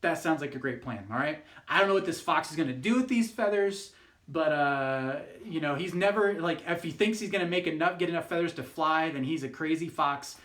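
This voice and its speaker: A man's voice: a little high, a little fast, a bit bright, natural voice. A man voicing a carefree male bird who talks himself into a bad deal in an offhand, casual way.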